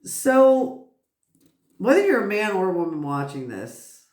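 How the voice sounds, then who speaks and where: A woman's voice: mid-range voice, big pitch swings, unhurried, darkish tone, echoey room. A woman giving a casual tarot reading, rambling and swearing, who keeps bursting out laughing. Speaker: tarot reader.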